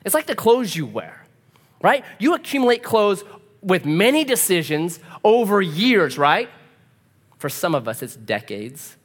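Male pastor, lively pitched preaching voice, animated storyteller, long hall reverb. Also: unhurried. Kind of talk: sermon.

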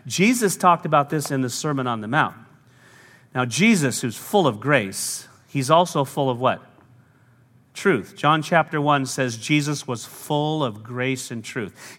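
Slightly high and a bit bright, this man's voice carries a sermon he delivers as lead pastor. He's a storytelling preacher who acts out quoted voices and laughs occasionally, all under long hall reverb.

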